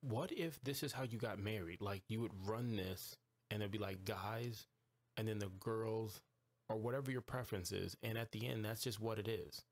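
A man hosting his own live game stream, trash-talking and reacting loudly as he plays. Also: on the low side, normal speed, no echo. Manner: excitable, talks back to the game, trash-talking; bursts into shouts and squeals when surprised. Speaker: gaming streamer host. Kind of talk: live gameplay commentary.

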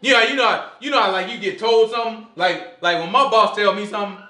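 A man leading a casual Bible study, animated and conversational, acting out the quotes he explains. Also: sits high, quick pace. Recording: echoey room.

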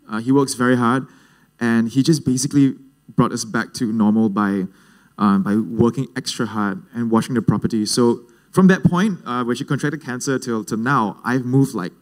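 A young man in his twenties with a Singaporean English accent, giving a personal storytelling talk at a youth event. He speaks casually and jokes around, keeping the story lively, in an ordinary mid-range male voice. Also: mid-range voice, normal speed.

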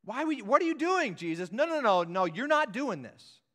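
A man's voice: very high voice, big pitch swings, normal speed, fairly bright tone, pitched above the performer's own voice, exaggerated voice. A man preaching acts out a flustered male disciple who emphatically refuses to be served. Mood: protesting. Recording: echoey church hall.

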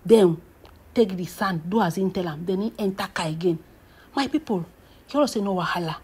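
A woman's voice: mid-range voice, fairly quick, a little mellow, slightly rough. A woman with a Nigerian Pidgin English accent telling celebrity gossip as a dramatic story, stretching out phrases, dropping into whispered asides and bursting into exclamations.

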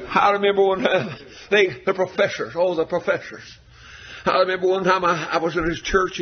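Fervent high-voiced shouting revival preacher. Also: male voice, husky. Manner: fervent, shouting and half-singing in surges. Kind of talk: revival sermon. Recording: dull lo-fi recording.

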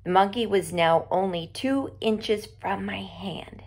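Casting: woman teacher, reads a story aloud slowly, expressive, with some whispered bits. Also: medium pitch, husky.

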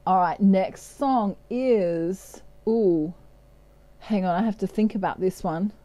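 A woman's voice: medium pitch, slow pace, mellow, no room sound. A woman giving a casual tarot reading in a playful way, often slipping into bits of song. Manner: playful, breaks into snatches of song and laughs. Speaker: tarot card reader.

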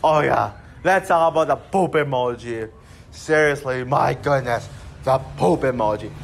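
A man's voice: mid-range voice, a little slow, gravelly. A man giving an exasperated, rambling movie rant, swearing often. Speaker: movie reviewer. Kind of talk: casual rant.

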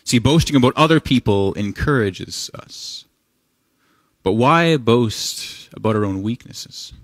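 A man's voice: mid-range voice, lively intonation, unhurried, dry recording. A pastor giving a conversational sermon. He asks the congregation rhetorical questions and reads scripture with mounting intensity. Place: church sanctuary.

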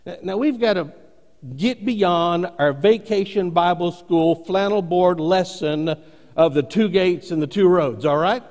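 A man preaching a sermon as pastor, earnest and emphatic, with deliberate pauses. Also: sits high, a little mellow. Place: church sanctuary. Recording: long reverb of a church sanctuary.

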